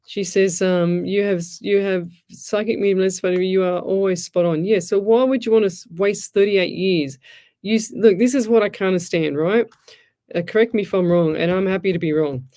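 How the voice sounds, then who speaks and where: A woman's voice: medium pitch, normal speed, dark tone. A middle-aged woman, a psychic medium hosting a show, chatting loosely and giving frank advice while reading out comments. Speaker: psychic medium radio host. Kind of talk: casual live-stream chat, reading out comments.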